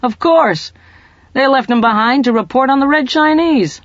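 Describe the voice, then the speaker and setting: A narrator voicing a sardonic, quick-witted male agent who talks in amused, emphatic bursts, in an audiobook reading. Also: sits high, no room sound, voice pushed up, close to an everyday voice. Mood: excited. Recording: dull lo-fi audiobook recording.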